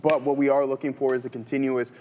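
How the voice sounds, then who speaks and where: A man's voice: medium pitch, little pitch movement, darkish tone. Man, 30s, live trading commentary, upbeat, sarcastic, reverberant hall, faint noise. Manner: upbeat, quick, sarcastic asides. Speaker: trading stream host.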